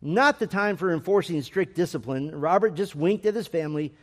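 A man with a slightly high voice tells a family story in a gentle, measured way. Each line trails into a long reverb. He reads like a patient storyteller and voices the quotes himself. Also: animated. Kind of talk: storybook narration.

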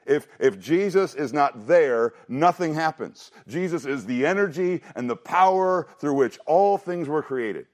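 A man preaching an expository sermon in an emphatic teaching manner, rushing through asides and slowing down to stress key phrases, often repeating himself for emphasis. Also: on the high side, lively intonation. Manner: emphatic, shifting between quick asides and slow stressed phrases. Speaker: pastor.

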